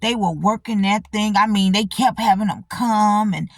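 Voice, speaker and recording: Her mid-range voice keeps a moderate pace as this middle-aged woman, host of her own channel, recounts a personal story. The talk is casual, blunt and profane; she's animated, repeats herself and often addresses her audience directly. The recording is studio quality without room sound.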